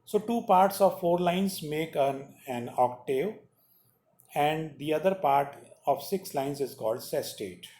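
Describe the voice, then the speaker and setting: A man with an Indian English accent, teaching a class on poetry in a slow, explanatory way, repeating key terms. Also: fairly high pitch, lively intonation, darkish tone. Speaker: college teacher.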